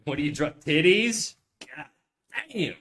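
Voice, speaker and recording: Using a USB condenser desk mic in the untreated room of his apartment, a laid-back young streamer swears a lot as he reads chat aloud and draws. His mid-range voice has lively intonation, normal speed and a fairly bright tone.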